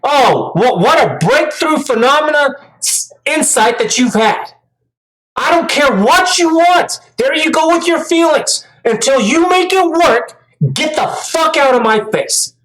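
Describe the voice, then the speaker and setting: A woman's voice: high-pitched, animated, a little slow, fairly bright tone, poor audio. A woman commentator giving angry reaction commentary, ranting, profane and scolding.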